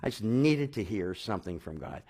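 A middle-aged man telling a personal story in a casual, rambling way, full of fillers and restarts, rising to loud excited bursts and dropping to quiet low stretches. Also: normal speed, slightly rough. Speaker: guest telling his testimony.

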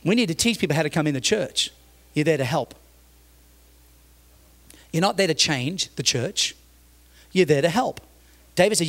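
High-voiced man preaching a sermon. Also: animated, moderate pace, pauses often, a bit bright. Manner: emphatic preaching with repeated phrases and restarts; tells stories, acting out the people in them. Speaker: pastor.

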